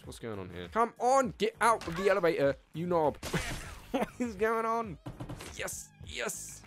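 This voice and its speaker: Excitable man swearing through gameplay. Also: fairly high pitch. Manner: excitable, profane, quick to laugh. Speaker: gaming channel host. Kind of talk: let's play commentary.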